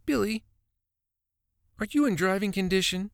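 A man voicing a sharp-tongued wife who scolds her drunk husband, pitched up and bossy. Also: normal speed, vocal fry, dry recording, clean studio sound. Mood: brisk. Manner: chiding, bossy.

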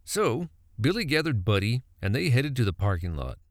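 A man narrating a folksy story in an animated, storytelling manner. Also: mid-range voice, moderate pace, dry recording, studio quality.

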